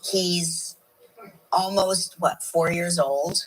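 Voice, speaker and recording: A woman co-hosting a talk show, telling stories in a lively, chatty way. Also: fairly low pitch, drawn-out words, a little hiss or hum, low-quality recording. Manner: lively storyteller. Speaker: co-host. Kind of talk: casual talk-show banter.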